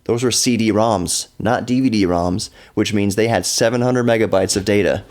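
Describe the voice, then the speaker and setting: Male podcast host, 30s, lowish voice, loose rambling delivery with self-corrections. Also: normal speed, a little mellow. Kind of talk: casual solo podcast talk.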